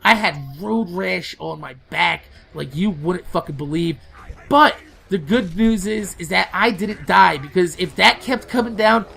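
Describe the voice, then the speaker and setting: A young man casually telling a profane, animated story over gameplay. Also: sits high, a little slow, vocal fry, slightly rough. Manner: profane, animated storytelling, yelling in retold quotes. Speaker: gaming channel host.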